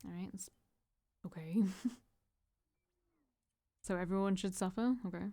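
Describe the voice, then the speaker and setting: A woman's voice: medium pitch, fairly even intonation, a little slow, warm tone. A woman playing a story game, chatting casually between lines with laughing, sweary asides. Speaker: gaming streamer. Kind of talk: casual let's-play commentary and reading.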